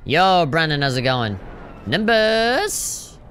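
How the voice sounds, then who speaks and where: A man riffs on a game stream, laughing and cursing as he plays. His voice is bright and sits a little high. A faint hiss runs under the recording. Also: animated, unhurried. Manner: laughing, swearing, joking reactions. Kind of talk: casual gameplay commentary.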